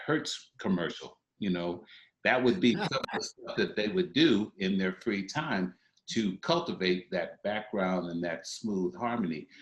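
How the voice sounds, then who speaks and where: Deep-voiced older man recalling his career. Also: echoey room. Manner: reflective, with fillers and restarts. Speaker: guest singer. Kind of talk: interview conversation.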